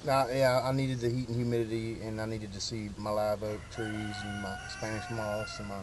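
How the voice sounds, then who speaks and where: A man's voice: on the low side, flat delivery, normal speed, noisy background. A man from the Alabama Gulf Coast with a Southern American accent, chatting casually as a guest outdoors in a garden. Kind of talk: casual chat.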